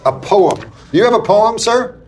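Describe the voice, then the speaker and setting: A man hosting a comedy talk show, with deadpan, teasing banter. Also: sits high, measured pace, a little hiss or hum.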